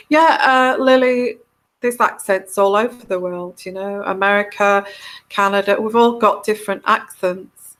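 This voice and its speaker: English woman, mixed north-south accent, very slow and soothing, rambling live-stream host. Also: mid-range voice, fairly even intonation, fairly bright tone. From England. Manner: slow, meandering, halting with many restarts. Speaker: tarot reader hosting a livestream. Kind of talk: casual live chat reading comments.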